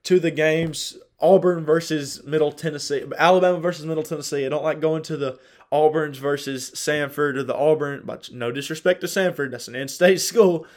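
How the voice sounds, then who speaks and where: A man's voice: fairly high pitch, steady tone, moderate pace. A young man hosting a casual solo sports podcast, chatty, laughing often and restarting his sentences. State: dry throat. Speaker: podcast host.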